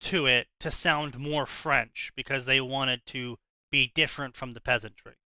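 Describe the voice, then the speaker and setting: A man talks in a loose, opinionated ramble, restarting his sentences as he goes. His voice is very bright and crisp, and it sits a little high. The sound is close and dry. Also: fairly even intonation, a little slow, no room sound, rough recording. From South Jersey, USA. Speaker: podcast co-host. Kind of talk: casual chat.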